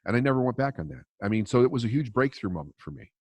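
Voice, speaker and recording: A man's voice: medium pitch, animated, very fast, no echo. A man coaching on mindset in a podcast interview, telling a story in a blunt, emphatic way and swearing freely.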